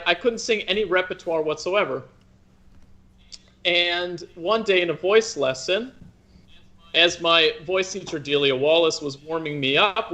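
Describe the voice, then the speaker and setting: Bright-voiced man, thoughtful guest. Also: high voice. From United States. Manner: thoughtful, many restarts and "you know". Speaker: opera singer, guest. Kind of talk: conversational interview.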